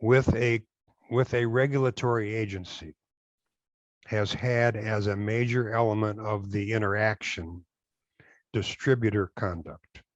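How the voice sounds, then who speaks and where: An older man, a direct selling compliance consultant, giving measured interview answers with frequent fillers and restarts. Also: lowish voice, steady tone, no echo, highs cut off.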